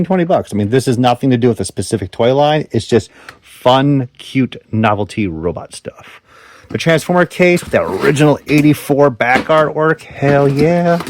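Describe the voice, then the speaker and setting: A man's voice: medium pitch, no echo, studio quality. A man in his forties hosting a casual toy-collecting video from a basement, chatting enthusiastically with wry sarcastic asides. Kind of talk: casual unboxing chat.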